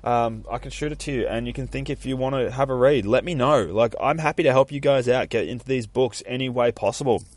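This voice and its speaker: Animated, swearing male podcast host. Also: mid-range voice, brisk, hardly any pauses, no echo. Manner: animated, profane storytelling that acts out characters. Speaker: comic book podcast host. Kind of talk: casual solo podcast recap.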